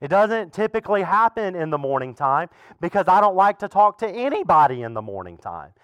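A man preaching a sermon as pastor in a relaxed, conversational way, with frequent asides to the congregation. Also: high-pitched, fairly quick, clear, resonant tone, no room sound. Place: church.

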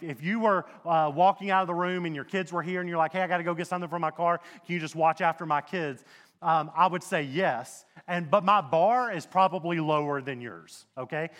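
A man preaching a sermon as a pastor, talking in a conversational, animated way with rhetorical questions and asides. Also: on the high side, in a large hall.

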